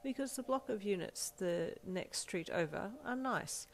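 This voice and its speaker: A woman's voice: medium pitch, animated, a little slow, voice pushed up, rough recording. A woman voicing a middle-aged woman school principal who speaks in a restrained, matter-of-fact and wry way, as she reads a fan fiction aloud. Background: faint backing music.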